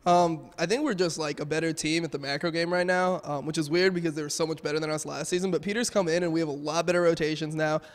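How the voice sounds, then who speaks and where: A young man, a pro gamer, talking casually and quickly in a post-match interview, with lots of "um" and "like". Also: a little high, fairly even intonation, long reverb tail. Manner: fast, casual, filler-heavy.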